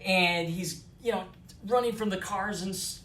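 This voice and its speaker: A man's voice: high voice, moderate pace, a little hiss or hum. Guy gushing about a movie scene, does little voices, echoey, kinda far off. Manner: animated retelling, acting out quotes. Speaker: co-host. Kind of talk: excited film recap. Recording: roomy echo, far from mic.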